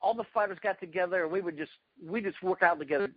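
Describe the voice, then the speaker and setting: A man being interviewed, telling excited stories about past fights and acting out quotes. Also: high-pitched, fast, slightly rough, muffled recording. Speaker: guest, karate fighter. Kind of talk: animated storytelling interview.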